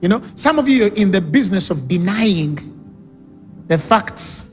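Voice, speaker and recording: A man's voice: high-pitched, expressive, normal speed. A man preaching a sermon, emphatic and repetitive, often calling for responses from the congregation. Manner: emphatic, repeats key phrases, calls for audience response. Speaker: pastor. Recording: reverberant hall with music underneath.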